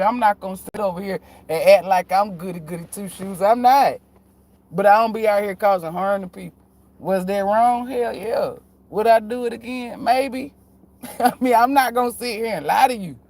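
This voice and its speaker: Man, fairly high pitch, casual storytelling to viewers, blunt, profane, frank. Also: darkish tone. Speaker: tarot reader vlogger.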